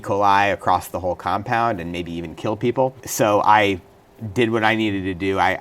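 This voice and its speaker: A middle-aged man speaks as an interview guest in a very deep voice. He tells his story earnestly and in detail, now and then restarting a phrase. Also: fairly bright tone. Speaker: interview guest, former state senator and prisoner. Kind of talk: studio interview.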